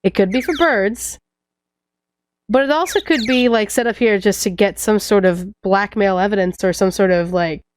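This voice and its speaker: A woman's voice: mid-range voice, moderate pace, a little hiss or hum. A woman streamer chatting casually and rambling with jokes and swearing while playing a game. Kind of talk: casual gameplay chat. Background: game music.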